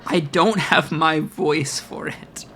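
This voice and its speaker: A man with a fairly high, sharply bright voice chatting through a video game playthrough. He laughs easily and agrees readily. He chimes in quickly with facts. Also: steady tone, a little hiss or hum. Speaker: let's play co-host. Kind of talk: casual gaming commentary.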